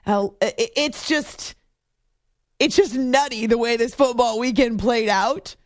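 A woman hosts late-night sports talk radio, her voice pitched high and full of zeal. She leans hard on key words and sounds close and dry, with no room behind her. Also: unhurried, dry recording. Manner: enthusiastic, emphatic, talks to callers. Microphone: studio microphone.

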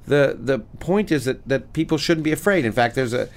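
A middle-aged male physicist and author being interviewed, talking with animated enthusiasm and many restarts. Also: medium pitch, brisk. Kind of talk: conversational interview, reading aloud from his book.

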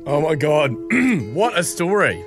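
A man's voice: fairly high pitch, sing-song, slow, a bit bright, soft background music. A man co-hosting a radio show, chummy and agreeable, reading out listener texts. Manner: agreeable, chummy, says mate. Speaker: radio co-host. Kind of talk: radio talk show chat.

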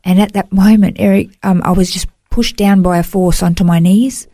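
This is a woman speaking as an interview guest, recounting a personal testimony in an earnest, emotional way. Her voice is warm and mellow, and it sits at a middle pitch for a woman. The recording is dry and close, and she often drops in a "you know" as she tells it. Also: steady tone, moderate pace, dry recording. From Australia.

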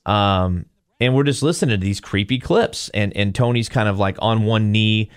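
A man's voice: lowish voice, moderate pace, smooth, no room sound, studio quality. A male podcast host retells a story casually, acting out quotes as he goes. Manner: animated retelling, acts out quotes.

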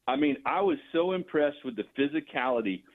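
Brief: male caller, lively up-and-down delivery, tinny phone line. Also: a little high, brisk. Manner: animated, rambling, mocking. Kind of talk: sports talk radio call.

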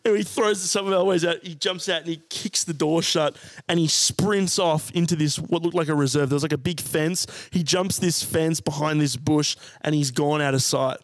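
An Australian man in his twenties telling a funny story on a podcast, animated and laughing as he goes. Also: a little high, normal speed, dry recording, clean studio sound. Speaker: podcast co-host. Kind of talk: comic storytelling.

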